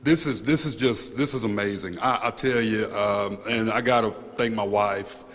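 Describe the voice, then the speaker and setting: A man with a somewhat low voice addresses a press event as the new police chief. He talks in halting, earnest bursts, doubling words as emotion catches his throat. His voice carries a long reverb from a large hall, with faint room noise underneath. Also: fairly bright tone. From United States. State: choked up with emotion. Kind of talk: emotional acceptance speech at press conference.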